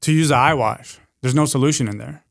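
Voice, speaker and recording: A man's voice: mid-range voice, a little fast, creaky, no room sound, studio quality. A man from Southern California, a podcast guest, casually telling stories and acting out other people's lines. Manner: animated, acts out quoted dialogue. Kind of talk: casual storytelling chat.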